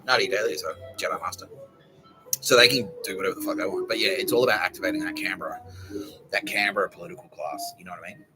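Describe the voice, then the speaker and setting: A man's voice: sits low, rough recording. An Australian man hosting a podcast, rambling in a casual, sweary monologue full of slang and laughter. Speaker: podcast host.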